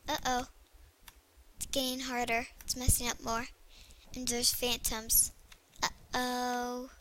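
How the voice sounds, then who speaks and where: A young female gaming video creator chatting excitably to herself while she plays. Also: a little high, takes it slowly, slight background noise. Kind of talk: casual gameplay commentary.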